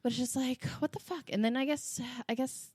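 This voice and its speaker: In a studio-quality recording with no echo, a woman speaks fairly quickly in a high-pitched, slightly rough voice. As a podcast co-host she tells animated stories in relaxed conversation, cursing a lot and performing other people's lines.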